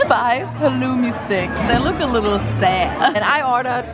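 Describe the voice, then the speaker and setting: A young woman in her twenties with a German accent, chatting casually in a vlog, bubbly and quick to laugh. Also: fairly high pitch, big pitch swings, loud music behind the voice, over a noisy crowd. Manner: giggly, bubbly, laughs often. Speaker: vlogger. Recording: noisy with traffic around.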